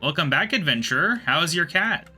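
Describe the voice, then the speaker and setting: A man's voice: fairly high pitch, lively intonation, fairly quick, bright, forceful tone, breathy edge, soft background music, pitched above the performer's own voice, full character voice. A man reading aloud as a chatty, fussy older woman who looks after stray cats. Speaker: game character voiced while reading.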